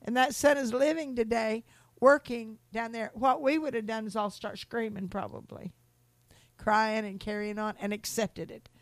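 A middle-aged woman, telling stories in a sermon, rambling and restarting, climbing high when she preaches about God. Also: steady tone, moderate pace, no echo. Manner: rambling, repeats words and restarts, laughs between stories. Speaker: speaker giving a testimony talk. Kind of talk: sermon-style storytelling.

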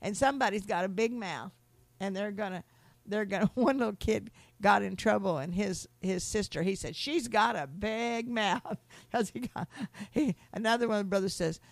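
A middle-aged woman, telling stories in a sermon, rambling and restarting, climbing high when she preaches about God. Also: fairly quick, dry recording. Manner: rambling, repeats words and restarts, laughs between stories. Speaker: speaker giving a testimony talk. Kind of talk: sermon-style storytelling.

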